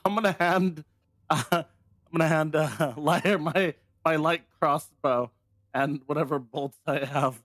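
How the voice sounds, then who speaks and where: A man's voice: fairly high pitch, a little slow, a bit bright, no room sound, clean studio sound. A man playing in a tabletop roleplaying game, giggly and rambling, often stopping and restarting his sentences. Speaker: player. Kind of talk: casual tabletop game chat.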